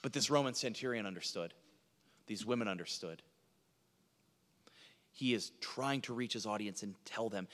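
A pastor preaching a sermon, swinging from hushed lines to loud, urgent passages. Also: male voice, mid-range voice, long reverb tail.

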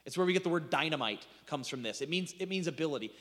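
A man preaching a sermon as pastor, stumbling over restarts and swinging between loud outbursts and hushed asides. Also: fairly high pitch, expressive, quick pace, few pauses, in a large hall. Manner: impassioned preaching with repeated restarts and dramatic drops to near-whispers.

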